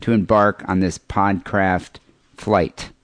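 A man's voice: sits low, level tone, takes it slowly, dry recording. A man hosting a podcast, chatting casually with a sardonic, teasing manner. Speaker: podcast host. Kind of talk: casual chat.

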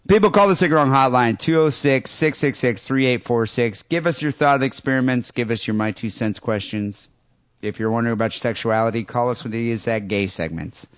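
A man co-hosting a crude comedy podcast, joking loudly and reading a listener's email aloud with lively asides. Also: medium pitch, brisk, clear, resonant tone, no echo, clean studio sound. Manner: loud, animated, jokey storytelling. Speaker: podcast co-host.

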